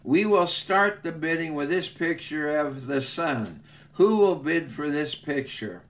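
A man's voice: on the high side, lively intonation, measured pace. A man voicing a persistent male auctioneer who calls out bids insistently in a retold story. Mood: calling.

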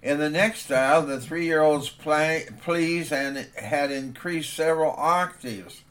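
A man's voice: fairly high pitch, slow pace, a bit bright. A man, a father himself, preaching a sermon in a conversational storytelling manner.

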